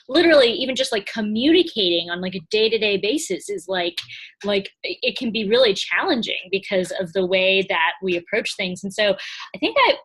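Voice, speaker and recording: A woman's voice: medium pitch, fairly bright tone, husky. Chatty woman guest full of "like"s. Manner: lots of "like" fillers, laughs, acts out her own thoughts. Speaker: podcast guest, small business owner and coach. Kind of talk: casual conversational interview.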